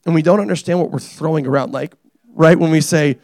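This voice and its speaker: A young man preaching a casual, energetic sermon, joking and teasing the congregation as he tells stories about his family. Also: on the high side, brisk, creaky, dry recording, studio quality. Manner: animated, joking, self-deprecating. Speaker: pastor.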